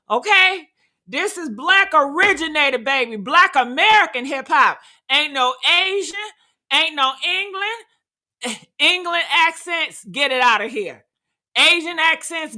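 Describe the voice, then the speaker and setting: A woman commenting live, blunt and profane, answering viewers loudly and emphatically. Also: sits high.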